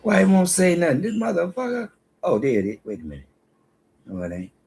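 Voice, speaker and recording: A man's voice: sits high, wildly swooping pitch, fairly quick, creaky, darkish tone, husky. A man hosting a casual video, questioning a phone app in a skeptical, rhetorical way and talking back to it. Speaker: video host. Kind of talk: casual commentary while quizzing a phone app.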